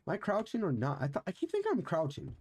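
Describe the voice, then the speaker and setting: A man's voice: on the high side, wildly swooping pitch, fast, darkish tone, slightly rough. A young man streaming a game, chatting casually and rambling with many restarts. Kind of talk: casual chat while gaming.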